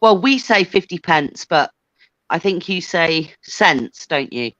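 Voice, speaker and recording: A woman's voice: fairly low pitch, animated, slow, a bit bright, no room sound, muffled recording. An English woman chatting casually, laughing often and swearing freely. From England. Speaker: chat guest. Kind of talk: casual chat.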